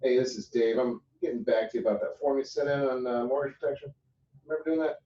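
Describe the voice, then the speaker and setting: Trainee brief: mid-pitched man, hesitant, faint room noise, distant roomy sound. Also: steady tone, fast, dark tone, highs cut off. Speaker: sales trainee. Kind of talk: role-play practice call.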